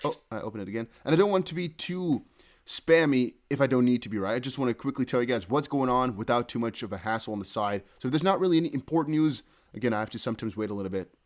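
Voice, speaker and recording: A man hosting a casual live crypto news stream, excitably thinking aloud as he reads viewer chat and posts. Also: mid-range voice, quick pace. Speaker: crypto news livestream host.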